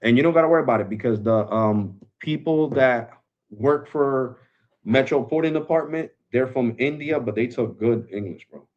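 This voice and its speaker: A man with a medium-pitched, darkish voice hosts a tech live stream at a moderate pace. He's laid-back and slangy, calling viewers "bro," and the audio is dull and lo-fi.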